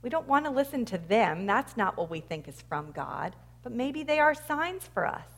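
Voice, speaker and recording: A woman's voice: on the high side, normal speed. A woman preacher giving a sermon, telling stories and acting out quoted lines with energy. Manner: animated storytelling, acts out quoted lines loudly. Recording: long reverb of a large hall.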